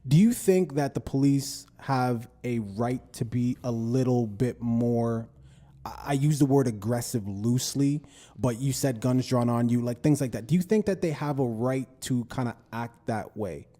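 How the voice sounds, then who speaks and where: A man's voice: mid-range voice, normal speed, dark tone. A man hosting a casual podcast conversation, telling stories and asking his guests questions. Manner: asks questions, tells personal stories. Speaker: podcast host.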